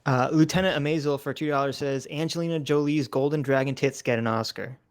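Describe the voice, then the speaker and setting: A man's voice: medium pitch, fairly even intonation, brisk. A man co-hosting a casual livestream chat, joking, laughing often and reading out viewer messages. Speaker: livestream co-host reading donations.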